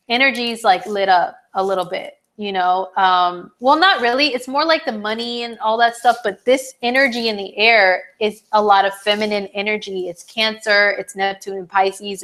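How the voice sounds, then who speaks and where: A woman hosting a live horoscope stream in a casual, chatty way, full of "like" and "um", her voice slightly hoarse. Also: mid-range voice, fairly bright tone. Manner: chatty, lots of "like" and "um", reads viewer comments aloud.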